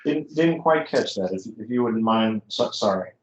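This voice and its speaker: A man's voice: lowish voice, lively intonation, moderate pace, dull audio. A man in a Greek class, answering in short replies and reading out words. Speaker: student. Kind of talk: class discussion.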